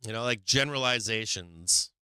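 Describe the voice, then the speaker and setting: A man's voice: lowish voice, moderate pace, bright, forceful tone, smooth, dry recording. A man hosting a stock market livestream, chatting casually and profanely with his viewers in a rambling way.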